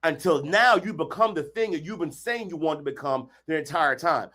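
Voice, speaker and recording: A man hosting a motivational workshop over a video call, acting out quotes and bursting into shouts. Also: on the high side, lively intonation, brisk, hardly any pauses. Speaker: workshop host, counselor.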